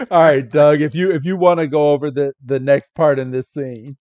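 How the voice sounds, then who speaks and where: Slow, laughing podcast guy, higher voice. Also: dry recording, highs cut off. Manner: retells scenes, acting out characters' lines and laughing often. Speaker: podcast co-host. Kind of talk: casual episode recap.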